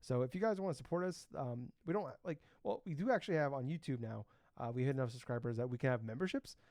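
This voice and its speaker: A man's voice: mid-range voice, fast, a little mellow, dry recording, studio quality. A man in his thirties co-hosting a casual gaming podcast, rambling with lots of fillers and the odd swear word. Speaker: podcast co-host. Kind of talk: casual chat.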